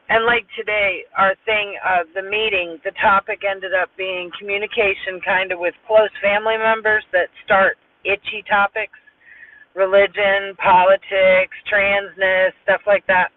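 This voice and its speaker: High-voiced man giving earnest advice. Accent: Southern US. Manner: animated, advice-giving, repeats key points. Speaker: support group host. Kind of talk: casual livestream chat. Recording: tinny phone-like audio.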